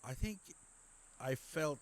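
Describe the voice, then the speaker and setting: A middle-aged doctor from Papua New Guinea with an Australian accent, a general practitioner, rambles through his life story in a conversational interview, repeating words and using lots of fillers. His voice is a little high and animated, his pace slow, with a faint hiss or hum on the recording.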